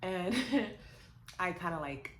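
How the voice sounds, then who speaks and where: A woman's voice: medium pitch, brisk. Sassy young woman telling a story. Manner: animated, sassy storytelling with rhetorical questions. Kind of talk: casual storytime vlog. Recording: roomy echo with faint noise.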